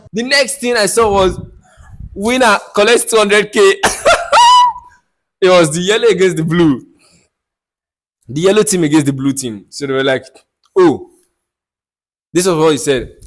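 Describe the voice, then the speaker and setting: Young man, slangy, laughing storyteller, fairly high voice. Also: normal speed, long pauses, soft background music, poor audio. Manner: excited, laughs often, slangy. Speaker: vlogger. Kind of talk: casual storytelling recap.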